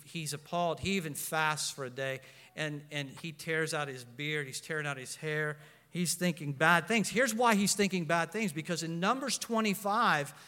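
Male pastor preaching, middle-aged, high voice, animated storytelling, long reverb. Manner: animated, storytelling, frequent restarts. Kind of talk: sermon.

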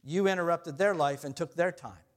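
A middle-aged pastor preaching with a fairly high voice. He talks to the congregation in a loose, conversational way, pokes fun at himself and laughs often. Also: normal speed. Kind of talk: sermon.

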